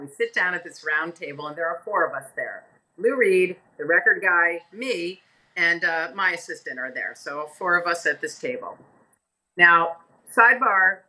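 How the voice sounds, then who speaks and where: An older American woman, a podcast guest, telling stories in a casual, animated way, laughing often and acting out the voices of the people in them. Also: fairly low pitch, poor audio. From United States. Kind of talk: casual storytelling interview.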